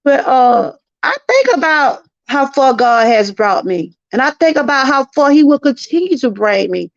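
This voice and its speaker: A woman's voice: high-pitched, animated, normal speed, no room sound. A middle-aged woman with a Southern US accent hosting a live-stream testimony talk, earnest and preachy, repeating herself and speaking to her viewers. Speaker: channel host. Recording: dry, slightly muffled lo-fi sound.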